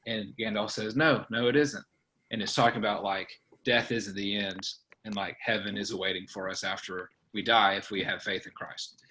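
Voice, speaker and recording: A man's voice: lowish voice, flat delivery, moderate pace, sharp tone, low-quality recording. A man speaking earnestly and reflectively in casual chat on a video call.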